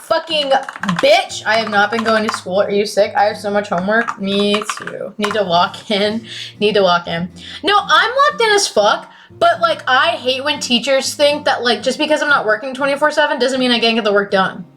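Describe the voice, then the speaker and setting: A teenage woman streaming, chatting casually and excitably, cursing often and swinging from loud outbursts to mumbles. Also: high voice, moderate pace. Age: late teens. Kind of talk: casual chat.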